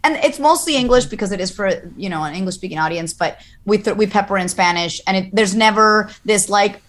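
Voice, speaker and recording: An American woman voice actor talking casually on a panel, chatty and animated, full of "like" and "you know". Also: medium pitch, fairly quick. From United States.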